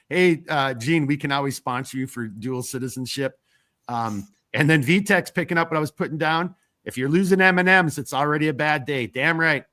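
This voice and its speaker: A man's voice: mid-range voice, bright, forceful tone, dry recording, clean studio sound. A man with a northern US accent hosting a live stream, reading viewer comments in a rambling, blunt way and swearing freely.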